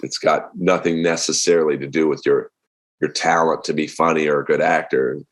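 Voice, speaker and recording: Male comic guest, deep voice, rambling and easygoing with lots of fillers. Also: brisk. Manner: relaxed storytelling with many fillers. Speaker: stand-up comedian guest. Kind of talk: casual interview talk.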